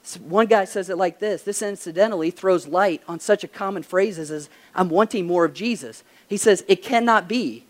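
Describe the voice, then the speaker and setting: A man's voice: high voice, moderate pace, hardly any pauses. Emphatic man preaching a sermon. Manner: conversational storytelling preacher, emphatic questions. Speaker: pastor.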